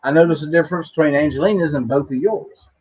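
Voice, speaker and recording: Husky West Virginia man, thick accent. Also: on the high side, fast, a little mellow. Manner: folksy, storytelling, repeats words. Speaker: podcast host. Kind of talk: casual chat. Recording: dull lo-fi audio.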